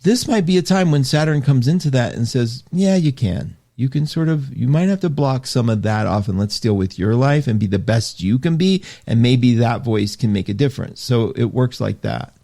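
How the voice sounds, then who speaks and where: A middle-aged man hosts a casual astrology live stream, chatting freely and reading viewer comments aloud. His voice sits in a middle pitch with a gravelly fry in it. He talks in an animated way, his pitch jumping up and dropping low, and he laughs often. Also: moderate pace, few pauses. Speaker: astrology show host.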